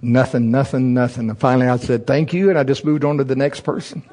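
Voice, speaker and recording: A man preaching to a church congregation, mixing scripture with a funny personal story. His delivery is animated, with laughter breaking in, and his voice leaps high and loud at the excited moments. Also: quick pace. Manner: humorous, laughs through his own stories. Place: church service before a congregation.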